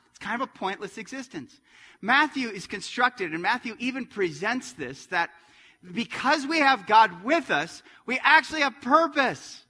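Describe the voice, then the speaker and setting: A middle-aged man preaching a sermon as a pastor, swinging between loud, forceful passages and hushed, quiet ones. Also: sits high, expressive, moderate pace. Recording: long hall reverb.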